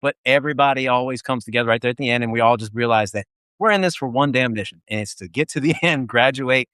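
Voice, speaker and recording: A man's voice: mid-range voice, fast talker, pushed and bright, clean tone, dry recording. A man co-hosting a casual chat, an army veteran telling stories and acting out voices, laughing often.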